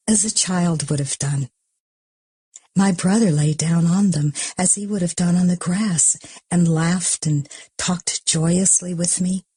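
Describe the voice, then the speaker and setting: A woman reading an audiobook in a soft, slow, often half-whispered way. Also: fairly low pitch, breathy edge, no echo. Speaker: audiobook narrator.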